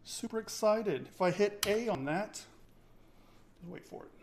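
A man's voice: high-pitched, lively intonation, normal speed, slight background noise. A man hosting a casual live-streamed tech tutorial, chatty and enthusiastic, thinking aloud and often checking in with his chat.

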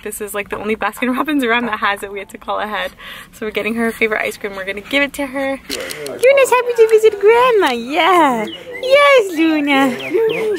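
A woman's voice: on the high side, sharp tone. A woman hosting a casual cooking vlog at home, chatty and enthusiastic about the food, filmed on a handheld camera. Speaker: vlogger host. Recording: noisy home camera audio.

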